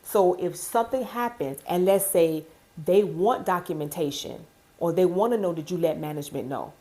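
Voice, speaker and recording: A woman's voice: fairly low pitch, normal speed, mellow, poor audio. Blunt, profane woman giving advice. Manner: profane, emphatic, repeats key points. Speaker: postal worker advice vlogger.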